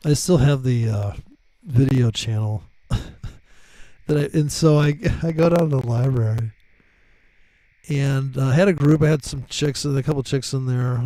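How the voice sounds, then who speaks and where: Man, middle-aged, rambling profane storytelling, mellow tone, dry close sound. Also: medium pitch, dry recording, low-quality recording. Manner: rambling, profane, laughs often, acts out others' lines. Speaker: forex trader telling stories. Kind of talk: casual storytelling.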